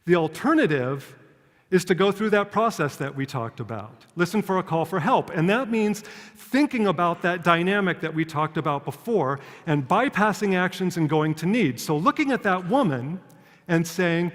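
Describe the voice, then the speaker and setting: Guy giving a talk, kinda high voice, measured and storytelling, big echoey hall. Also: lively intonation. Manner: measured, rhetorical questions, storytelling. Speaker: public speaker. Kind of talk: prepared public talk.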